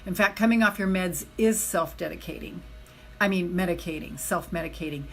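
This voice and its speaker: A woman's voice: lowish voice, brisk, gravelly, fairly bright tone, faint music behind, poor audio. A middle-aged woman giving a live motivational talk as a self-love coach. She speaks earnestly and chattily, repeats her key phrases for emphasis, and keeps addressing her viewers directly.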